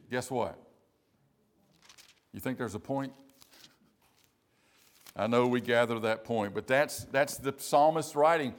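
The speaker is a male pastor from South Carolina, medium in pitch, preaching a sermon at a slow, deliberate pace marked by emphatic repeated phrases.

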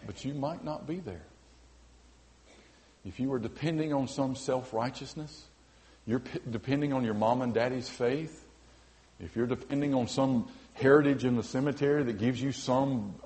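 A man preaching a sermon as pastor in a church, earnest and fervent, swinging from loud cries to quiet, personal appeals. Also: medium pitch, normal speed. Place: church sanctuary with balcony.

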